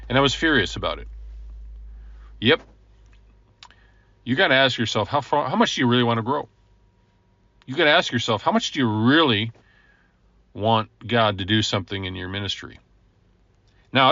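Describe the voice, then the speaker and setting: A man's voice: medium pitch, animated, moderate pace, pauses often, sharp tone, no echo, dull audio. A man, a ministry coach, telling a personal conversion story in an earnest, chatty teaching style with frequent chuckles and asides to the listener.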